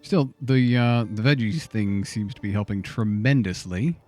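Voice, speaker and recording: A man's voice: on the low side, moderate pace, dark tone, faint music behind. A man streaming a game, chatting casually and muttering exasperated questions to himself as he plays. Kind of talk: casual gameplay commentary.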